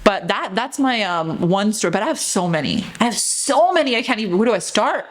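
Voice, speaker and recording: A woman co-hosting a podcast, telling a story in casual chat, animated and full of "girl" and "okay". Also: medium pitch, fairly quick. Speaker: podcast co-host.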